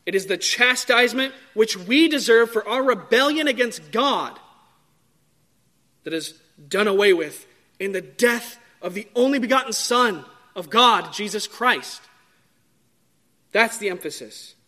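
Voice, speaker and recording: A man preaching a sermon in a measured, emphatic way, drawing out key words. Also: high voice, expressive, bright, forceful tone.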